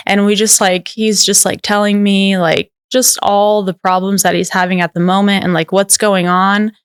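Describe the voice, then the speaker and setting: A woman telling a personal story as a podcast guest, her voice smooth and resonant. She talks candidly and loosely, leaning on "like" fillers, and the sound is close and dry. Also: mid-range voice, flat delivery, normal speed, no room sound. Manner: candid, rambling, heavy use of "like" fillers.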